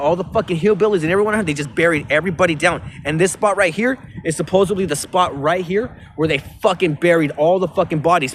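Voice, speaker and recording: A man's voice: high voice, slight background noise. A man rambling profanely into his phone outdoors by a river, with many restarts. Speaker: vlogger.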